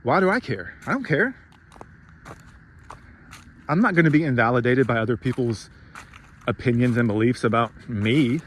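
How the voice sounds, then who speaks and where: A man's voice: mid-range voice, a little fast, slight background noise. A man giving a profane, sarcastic motivational rant, worked up and swearing freely. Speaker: vlogger.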